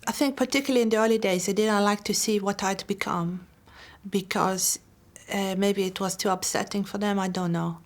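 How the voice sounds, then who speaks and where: A woman's voice: medium pitch, fairly even intonation, moderate pace. A woman answering interview questions, her speech disorder making her sound foreign.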